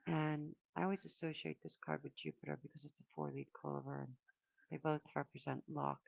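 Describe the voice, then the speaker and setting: Gravelly low-voiced woman reading cards. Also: fairly even intonation, a little mellow, no room sound, highs cut off. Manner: meandering, reflective, with frequent pauses and fillers. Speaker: oracle card reader. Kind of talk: casual spiritual card reading to viewers.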